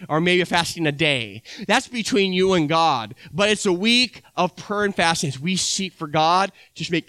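A man's voice: on the high side, pushed and bright, no room sound. A man preaching a sermon as pastor, talking conversationally and acting out little dialogues with his listeners.

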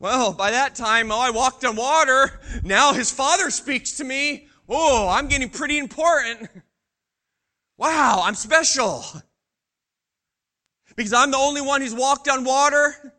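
A man acting out the apostle Peter as a bold, proud fisherman, telling his story in a first-person Bible monologue that swings between hushed awe and loud boasting. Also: sits high, moderate pace. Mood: boastful, lively. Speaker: preacher in character.

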